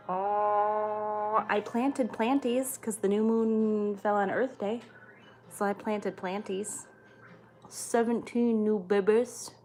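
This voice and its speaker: A woman's voice: mid-range voice, darkish tone. A woman hosting a livestream who reads viewer comments aloud and answers them in blunt, chatty talk, swearing freely. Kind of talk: casual chat.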